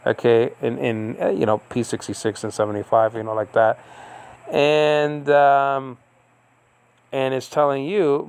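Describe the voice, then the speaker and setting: A man's voice: medium pitch, vocal fry, smooth. A man teaching a recorded Greek lesson, explaining step by step with many fillers and frequent checks that the listener follows. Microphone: recording on a device he operates.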